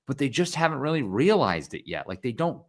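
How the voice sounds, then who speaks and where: A man on a sports podcast, giving opinions in a halting way and repeating words as he thinks aloud. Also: mid-range voice, big pitch swings. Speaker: podcast co-host or guest. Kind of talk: casual sports podcast chat.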